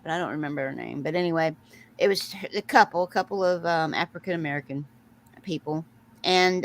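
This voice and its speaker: A middle-aged woman hosting a casual chat, telling a story with lively acted-out quotes and frequent laughter. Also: lowish voice, rough recording. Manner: animated storyteller, acts out quotes, laughs often. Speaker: host.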